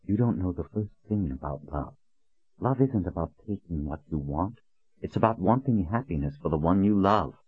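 A man voicing a composed, stern woman leader who speaks in a low, calm, clipped way, on a dull, lo-fi recording. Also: normal speed, husky.

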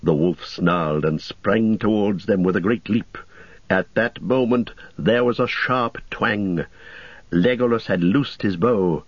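A man narrating an audiobook in a measured, even storytelling manner. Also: on the low side, slightly rough, no echo. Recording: dull dry audiobook recording.

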